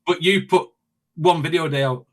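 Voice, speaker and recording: A man talks as an interview guest, recounting stories in an animated, chatty way and acting out his own thoughts in quotes. His voice sits a little higher than most men's. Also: brisk. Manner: animated storytelling with quoted asides and laughs. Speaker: guest, reaction video creator. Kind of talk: casual interview chat.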